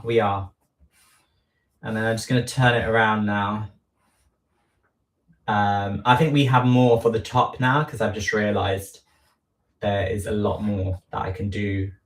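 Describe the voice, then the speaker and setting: A man chatting casually on a livestream while he frosts a cake at home, rambling and poking fun at himself, with lots of ums. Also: on the low side. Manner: slow, rambling, self-deprecating, many ums. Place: home kitchen. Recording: echoey room, voice far from mic.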